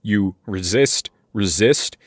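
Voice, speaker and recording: A man running a tabletop game as game master, narrating slowly with fillers and restarts. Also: fairly low pitch, no room sound, studio quality. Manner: slow, hesitant narration with many fillers.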